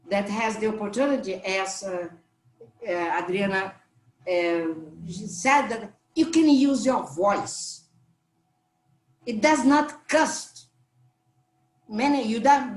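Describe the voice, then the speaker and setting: Slow, earnest woman panelist. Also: medium pitch, roomy sound. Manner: slow, earnest, halting with restarts. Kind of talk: panel discussion answer.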